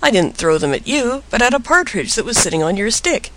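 A calm storybook traveler, read by a man, answers in a mild, soothing way. The voice sits high with an easy lilt. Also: brisk, slight background noise, heavily acted, low-quality recording.

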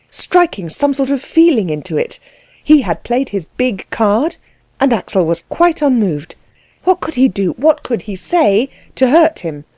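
A woman narrating a novel in an even, measured storytelling voice, close to the mic. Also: mid-range voice, no room sound. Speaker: audiobook narrator.

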